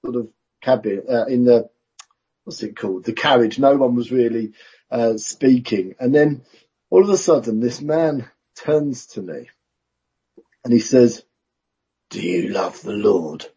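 A man preaching a sermon in a church, measured and conversational with self-aware asides. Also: mid-range voice, dark tone, breathy edge. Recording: dull lo-fi recording.

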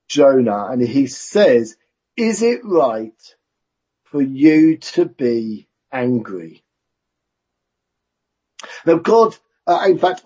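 A man preaching a sermon in a church, measured and conversational with self-aware asides. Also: mid-range voice, a little mellow, slightly rough. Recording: dull lo-fi recording.

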